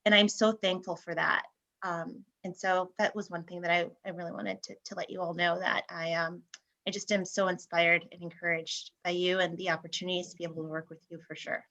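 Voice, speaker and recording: A woman's voice: on the low side, little pitch movement, fairly quick, pushed and bright, dull audio. A woman speaking on a real estate panel, heartfelt and effusive, often restarting her sentences. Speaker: realtor panelist. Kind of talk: panel discussion.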